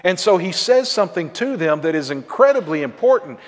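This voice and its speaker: A man's voice: sits high, big pitch swings, a little fast. A man preaching a sermon as pastor, speaking emphatically and repeating key phrases for stress. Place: church sanctuary. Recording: long hall reverb.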